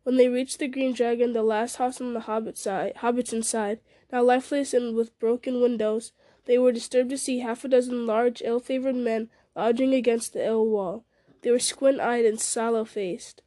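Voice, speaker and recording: A woman reading a fantasy novel aloud at a steady pace, with small slips and restarts. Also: fairly high pitch, normal speed, no echo. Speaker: story reader.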